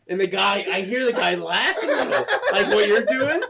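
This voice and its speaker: Animated, gravelly man telling a story. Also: high voice, normal speed, hardly any pauses, background noise. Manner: animated, swearing, acting out his own lines with laughter. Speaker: podcast co-host. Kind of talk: casual storytelling.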